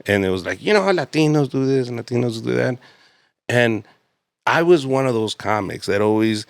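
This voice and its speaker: A man's voice: medium pitch, lively intonation, a little fast, vocal fry, dry recording. A man in his late thirties, a comedian guest telling casual, profane stories and laughing often. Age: 30s. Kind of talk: casual storytelling.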